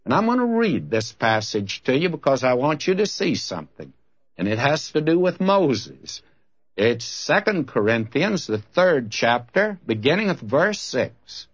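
A man's voice: medium pitch, big pitch swings, measured pace, slightly rough. A man preaching a sermon, telling a story and acting out both sides of a conversation before reading scripture aloud. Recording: dull lo-fi recording.

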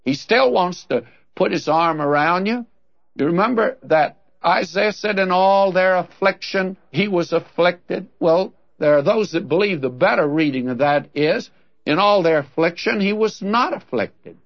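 A man's voice: sits high, unhurried, vocal fry, highs cut off. A man teaching through a Bible passage in an earnest, conversational preaching manner, speaking straight to the listener.

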